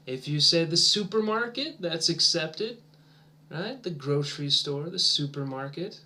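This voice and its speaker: A man teaching an English lesson as a demonstration for teachers, encouraging and drawn-out, dropping to soft near-whispers while he waits for answers. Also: fairly high pitch, animated.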